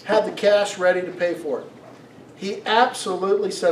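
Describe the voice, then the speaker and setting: A middle-aged male pastor preaches with a fairly high voice, lively and full of stories. He often turns to the congregation with questions. He is recorded from a distance in an echoey sanctuary, with a faint hiss behind him. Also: moderate pace, long pauses. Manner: storytelling, animated, asks the congregation questions. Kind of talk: sermon. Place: church sanctuary. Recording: echoey room, mic from a distance.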